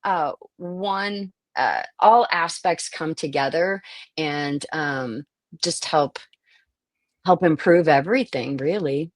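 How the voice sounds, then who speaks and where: A woman with a low-pitched voice speaks slowly, without echo, in an interview conversation. She's a voiceover performer and actor reflecting on her craft, thoughtful yet full of fillers and restarts.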